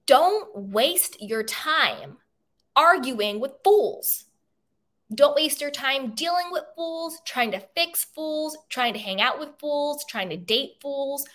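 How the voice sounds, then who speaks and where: A woman's voice: on the high side, animated, measured pace, fairly bright tone. A woman hosting a self-help podcast, talking in an emphatic, motivational way and repeating key phrases for effect. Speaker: podcast host.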